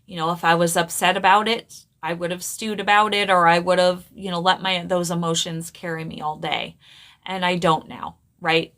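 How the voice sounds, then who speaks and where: A middle-aged woman speaks in a slightly low voice, giving a casual motivational talk. She is earnest and conversational, and often checks in with her listeners as she goes. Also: fairly even intonation, normal speed, a bit bright. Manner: conversational, earnest, with frequent tag questions. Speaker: spiritual speaker.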